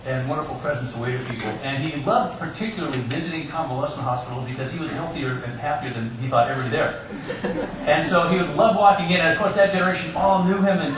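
A man preaching an Easter sermon, telling personal stories with joking asides. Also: on the high side. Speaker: pastor. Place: church sanctuary. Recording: echoey church room, distant mic, background hiss.

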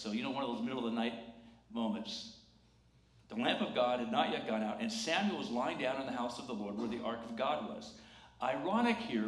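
Male pastor giving a sermon, mid pitch, echoey church room, chatty and joking, does little voices. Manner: conversational and humorous, acts out quoted voices. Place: church sanctuary. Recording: roomy church sound.

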